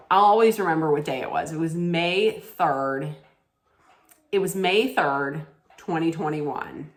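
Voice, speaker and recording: A woman's voice: on the low side, fairly bright tone. A middle-aged woman telling a personal story in casual chat, rambling with many fillers and restarts. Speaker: vlogger. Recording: echoey room.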